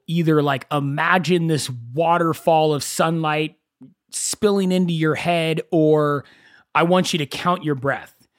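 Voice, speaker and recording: A man hosting a solo podcast, talking in a conversational, animated storytelling way with self-mocking asides. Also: a little high, dry recording, clean studio sound. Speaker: podcast host.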